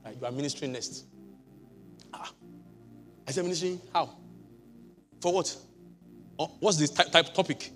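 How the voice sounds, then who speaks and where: A middle-aged man, a pastor preaching a sermon, telling his own testimony with loud exclamations, quiet asides and frequent laughter. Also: on the high side, moderate pace, pauses often, faint music behind.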